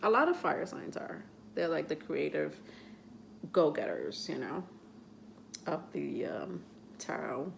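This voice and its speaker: Slow, chatty woman reading tarot. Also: deep voice, animated, vocal fry, a little hiss or hum. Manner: chatty, many fillers and restarts, reads card texts aloud haltingly. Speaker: tarot reader. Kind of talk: casual tarot reading vlog.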